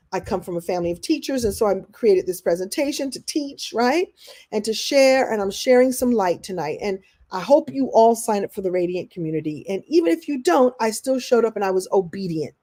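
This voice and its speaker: A chatty woman coach speaks to her viewers in a live online class. Her voice is mellow and warm, and she is animated and breaks into little laughs. She keeps it conversational, answering questions as they come in. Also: fairly high pitch. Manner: laughs often while talking.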